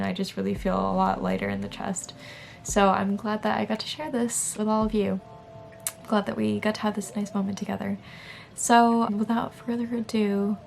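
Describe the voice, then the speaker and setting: A young woman in her twenties talks casually to her camera at the end of the day. Her voice is soft-spoken and meandering, with sighs between thoughts and a noticeable gravelly fry. Her pitch sits in an ordinary middle range for a woman. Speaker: beauty vlogger. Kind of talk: casual nighttime chat to camera.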